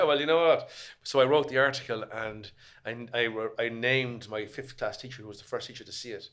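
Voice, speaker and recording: A man with an Irish accent, a podcast guest who tells animated stories, swears freely and quotes himself along the way. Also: mid-range voice. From Ireland. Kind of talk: casual chat.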